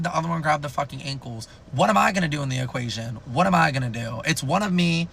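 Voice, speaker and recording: A man in his twenties telling a comedic storytime monologue in an animated, profane, self-mocking way, jumping his pitch up for emphasis. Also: quick pace, vocal fry, hardly any pauses, husky. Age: 20s.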